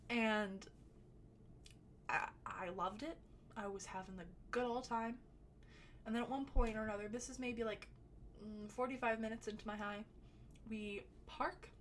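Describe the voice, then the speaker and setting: A woman telling a personal story to camera in a chatty, animated way, with sudden loud bursts and some swearing. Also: a little high, slight background noise. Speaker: storytelling vlogger. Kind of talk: casual storytime.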